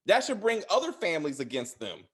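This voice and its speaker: A man's voice: sing-song, fairly quick, slightly rough. A man casually chatting as a podcast host, rambling with many fillers and restarts. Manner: laughs loudly and high. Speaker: podcast host reviewing a TV series. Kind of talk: casual chat.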